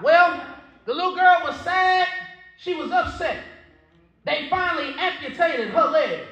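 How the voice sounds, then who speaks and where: A Southern pastor preaches with a very high, bright voice. His pitch swings widely as he moves from storytelling into shouted calls to the congregation. The sound rings in an echoey church hall. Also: animated, unhurried. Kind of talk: sermon.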